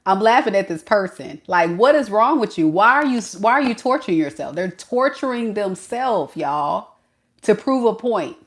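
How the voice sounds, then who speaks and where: A woman giving an animated tarot reading, often laughing and acting out what the other person is thinking. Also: medium pitch, measured pace. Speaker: tarot reader.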